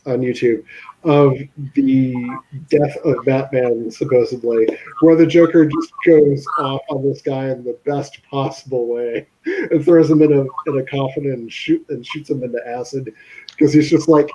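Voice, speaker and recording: A man chatting casually on a panel, rambling and animated as he tells stories. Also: mid-range voice, measured pace, lo-fi sound. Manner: rambling, animated storytelling, frequent laughs.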